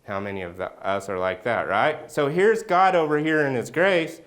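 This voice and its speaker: A man preaching a sermon as pastor, telling a personal story and acting out the scenes with loud outbursts. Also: mid-range voice, normal speed. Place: church sanctuary.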